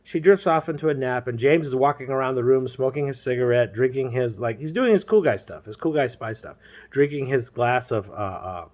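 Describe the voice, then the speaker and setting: Casting: laid-back man, mid-pitched, slangy and filler-heavy, casual story recap. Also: fairly quick, darkish tone.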